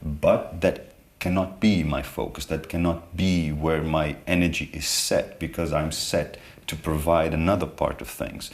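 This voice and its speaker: A man's voice: extremely low pitch, flat delivery, a little slow. A man being interviewed as an artist, speaking hesitantly with many repeated words and restarts. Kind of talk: conversational interview.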